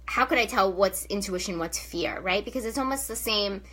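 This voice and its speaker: A woman's voice: mid-range voice, normal speed, bright, forceful tone, low-quality recording. A young woman, a spiritual coach, talking casually to viewers on a live stream, with many fillers and "right?" tags.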